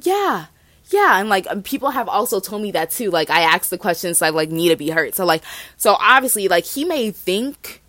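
On her casual solo podcast, a woman in her twenties talks in an animated, fairly quick way, her voice on the low side and fairly bright. She's bubbly and rambling, saying "like" constantly, and the recording is dry.

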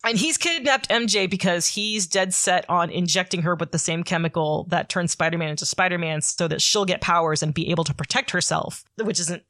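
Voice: mid-range voice, fairly quick, few pauses, sharp tone, dry recording, clean studio sound. A podcast co-host casually recapping a comic story, rambling with lots of filler words and the odd swear.

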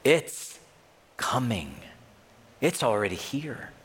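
A man's voice: medium pitch, very animated, slow pace, fairly bright tone, slightly rough, in a large hall. A man pastor preaching a sermon emphatically, with rhetorical questions.

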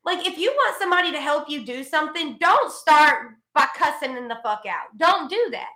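High-voiced, profane venting woman. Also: animated, normal speed, bright, forceful tone, reverberant. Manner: profane, vents with frank irritation. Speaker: podcast co-host. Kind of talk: casual chat.

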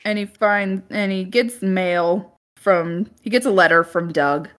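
A woman's voice: medium pitch, a little slow. A woman co-hosting a podcast, recapping a movie in casual chat, laughing often and groaning "ugh". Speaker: podcast co-host.

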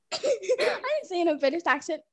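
A woman's voice: extremely high pitch, sing-song, normal speed, dry recording. A young woman telling rambling school stories in casual chat, often breaking into giggles. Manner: giggly, rambling, many fillers.

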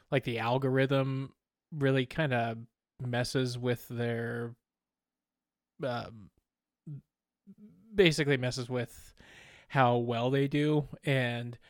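A man co-hosting a casual podcast chat, talking in a halting, hesitant way and making fun of himself. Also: mid-range voice, level tone, no echo, studio quality. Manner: hesitant, halting, self-deprecating. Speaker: podcast co-host.

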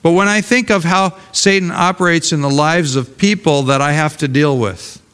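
A man's voice: on the high side, normal speed, a bit bright, clean tone, in a large hall. Older male pastor preaching conversationally. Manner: conversational, repeats words as he searches. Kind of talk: sermon.

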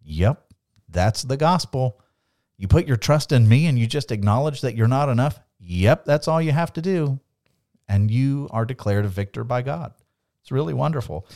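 A man's voice: mid-range voice, expressive, normal speed, darkish tone. A man co-hosting a Bible discussion podcast who explains scripture earnestly and with animation, acting out the quotes he cites. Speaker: podcast co-host.

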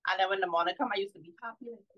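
A woman guest on a faith podcast, telling a personal story candidly and often dropping to a soft, low voice. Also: racing. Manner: candid, often drops to a soft, low voice when recalling things. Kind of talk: casual storytelling conversation. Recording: slightly dull lo-fi sound.

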